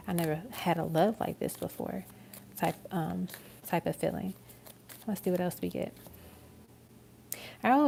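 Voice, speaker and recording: A woman giving a live-stream tarot reading, talking in a soft, musing way with many fillers. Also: on the low side, vocal fry, a little hiss or hum. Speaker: tarot reader.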